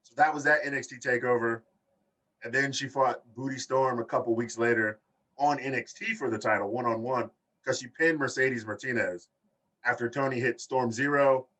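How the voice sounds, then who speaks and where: Bright, husky man rambling through a story. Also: normal speed, distant mic, rough recording. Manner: animated storyteller, acts out quotes with big pitch jumps. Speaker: podcast co-host. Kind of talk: casual chat.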